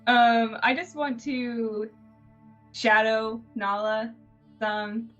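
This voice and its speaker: A woman's voice: a little high, flat delivery, extremely slow, a bit bright, highs cut off, faint music behind. A woman playing in a tabletop game, speaking hesitantly with many fillers. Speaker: player.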